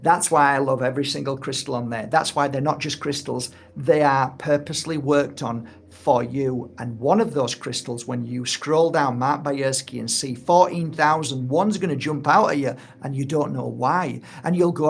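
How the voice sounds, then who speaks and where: A middle-aged man who founded his own energy healing course and teaches it speaks casually to camera, earnest and heartfelt, acting out little quoted exchanges. His mid-range voice is gravelly and husky, moving at normal speed with few pauses.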